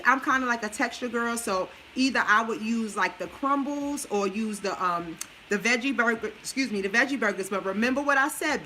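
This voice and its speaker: A woman's voice: a little high, bright, forceful tone, slight background noise, poor audio. A busy mom chatting through a meal plan while she cooks, coaching her viewers in a casual, chatty way. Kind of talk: casual cooking livestream.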